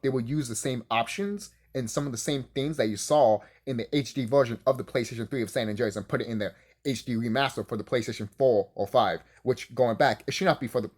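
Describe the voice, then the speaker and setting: A man's voice: medium pitch, a little mellow. A man ranting casually about video games, heated and sarcastic, swearing often and repeating himself. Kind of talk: casual rant to camera.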